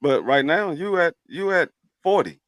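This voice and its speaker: A man's voice: fairly high pitch, big pitch swings, moderate pace, fairly bright tone, no echo. A man on a casual sports podcast, explaining his point step by step and often repeating words. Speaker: podcast co-host.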